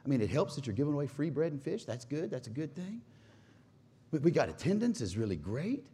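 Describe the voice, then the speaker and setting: Peter, a man doing a hushed pushy disciple. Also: a little high, wildly swooping pitch, normal speed, breathy edge, full character voice. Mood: hushed urgent. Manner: hushed, urgent pleading. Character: anxious, pushy male disciple.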